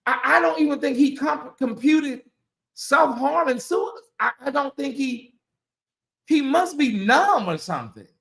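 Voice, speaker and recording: A woman hosting a commentary channel, talking casually to her viewers, animated and repeating herself as she exclaims. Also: high-pitched, measured pace, gravelly, roomy sound.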